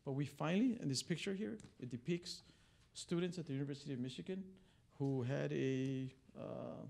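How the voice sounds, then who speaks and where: Speaking at a moderate pace, a man with a slightly high, creaky, somewhat mellow voice briefs the press in a press club briefing room. An immigration attorney, he tells things conversationally, with lots of fillers and restarts.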